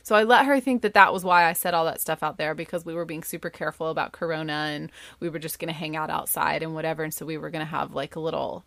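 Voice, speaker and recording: A woman, a mother telling a family story in a lively, chatty way, full of fillers, who jumps much higher whenever she quotes someone. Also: fast talker, vocal fry, hardly any pauses, no echo. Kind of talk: casual personal storytelling.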